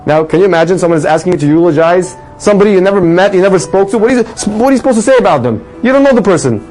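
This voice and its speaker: A man's voice: high voice, expressive, very fast, hardly any pauses, a little mellow, faint music behind, low-quality recording. A man telling an inspirational story to an audience as a rabbi, emphatic and full of rhetorical questions. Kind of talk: storytelling talk.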